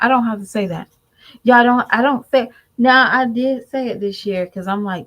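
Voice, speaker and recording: A woman's voice: medium pitch, moderate pace, poor audio. A woman giving candid, preachy commentary to her viewers in a casual vlog. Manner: candid, preachy, animated mimicry. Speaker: vlogger.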